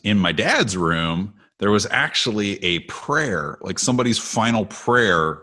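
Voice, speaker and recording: Deep-voiced animated male storyteller. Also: unhurried. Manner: animated storyteller, acts out quoted voices with laughs. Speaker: podcast co-host. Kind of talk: casual storytelling chat.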